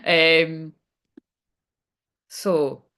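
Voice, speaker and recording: A woman's voice: low voice, fairly even intonation, extremely slow, a bit bright. A woman giving a live spiritual card reading, chatty and chipper as she talks straight to her viewers.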